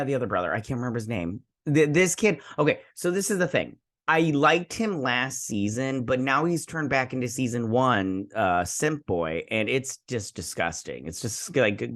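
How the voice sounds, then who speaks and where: A man's voice: mid-range voice, fairly bright tone. A man hosting a casual episode review, retelling scenes in a rambling way with snarky asides. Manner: rambling retelling with many "she's like" quotes. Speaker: host.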